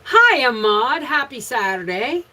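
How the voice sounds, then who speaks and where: A middle-aged woman with a Canadian accent hosts a casual livestream from her homestead, chatting about her day and greeting viewers by name. Her voice sits on the high side with big pitch swings, a measured pace, and a pushed, bright quality. The audio quality is poor.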